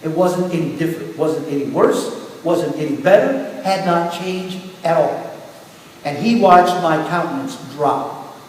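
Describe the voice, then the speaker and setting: A middle-aged man pastor preaching a sermon with personal testimony, telling his story in turns quiet and emphatic. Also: a little high, a little slow. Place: church sanctuary. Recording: echoey hall from far off, faint hiss.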